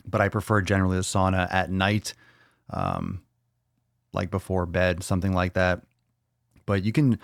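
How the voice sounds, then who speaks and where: A man hosting a live podcast Q&A, talking casually in a fairly low voice. He swears freely and jokes as he goes. The sound is close and dry, with no room around it. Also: no room sound. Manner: profane, playful, goofing with mock self-scolding. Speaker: podcast host.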